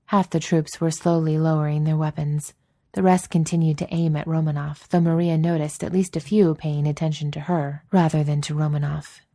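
A woman narrating a story as an audiobook reader, in a steady, even storytelling manner. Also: deep voice, normal speed, no room sound. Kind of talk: narrating a fan fiction story.

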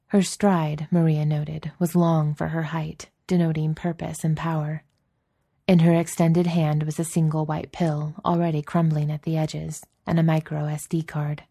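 A woman narrating a story as an audiobook reader, in a steady, even storytelling manner. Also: low voice, dry recording, clean studio sound. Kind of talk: narrating a fan fiction story.

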